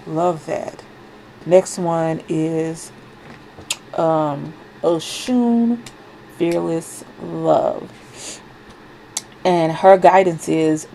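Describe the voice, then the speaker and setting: A woman's voice: deep voice, very slow, gravelly, long pauses, mellow, slight background noise, poor audio. A woman giving a fervent, profanity-laced spiritual card reading, sniffling and coughing with a cold and driving her points home through emphatic repetition. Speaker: spiritual reader. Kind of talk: impassioned oracle card reading.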